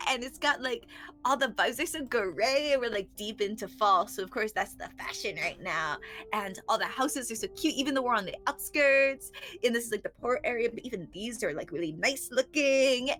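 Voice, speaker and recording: A woman's voice: on the high side, a bit bright. A woman recapping a tabletop game session in a rambling, giggly way, swearing freely and restarting her sentences. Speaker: player recapping the last session.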